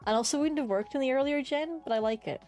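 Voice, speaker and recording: A woman's voice: high-pitched, fast, a little mellow, soft background music. A young woman streaming from home, chatting casually and enthusiastically as she ranks creatures, with casual swearing. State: hiccups. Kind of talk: casual live-stream commentary.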